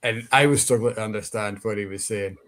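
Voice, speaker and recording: A man's voice: on the low side, a little fast, fairly bright tone. A man co-hosting a podcast, telling easygoing stories in casual chat. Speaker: co-host.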